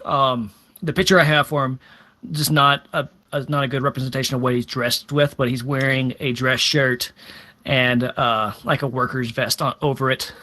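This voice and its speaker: A man's voice: mid-range voice, fairly even intonation, moderate pace, bright, forceful tone. A man narrating a tabletop game as dungeon master, hesitant and full of fillers and restarts.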